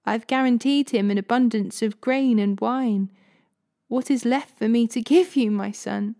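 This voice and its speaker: A woman reading the lines of an old father, solemn and measured. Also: a little high, dark tone. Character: old blind father, grave patriarch.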